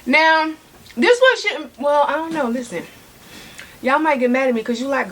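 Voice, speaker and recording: A woman's voice: high-pitched, animated, normal speed, fairly bright tone, slight background noise. A woman vlogging about handbags in a sassy, chatty way, talking straight to her viewers while she eats. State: eating while talking, mouth sometimes full. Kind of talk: casual chat to camera.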